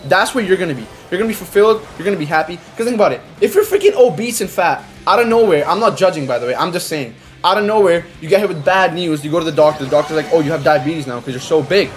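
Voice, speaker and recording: Fast-talking teen guy with slangy rambling. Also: a little high. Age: teens. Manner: slangy, rambling, excitable outbursts. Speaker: gaming creator. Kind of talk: casual chat over gameplay.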